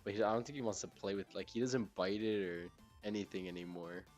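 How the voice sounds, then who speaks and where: A man's voice: fairly low pitch, a little fast, darkish tone, soft background music. A young man hosting a casual podcast, talking in a rambling, laid-back way with lots of fillers. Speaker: podcast host. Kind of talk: casual chat.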